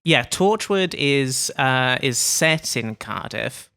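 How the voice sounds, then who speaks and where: A man's voice: medium pitch, animated, takes it slowly, vocal fry, pushed and bright, clean tone, dry recording, clean studio sound. A man hosting a podcast, chatting casually and telling playful anecdotes. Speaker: podcast host. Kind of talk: casual chat.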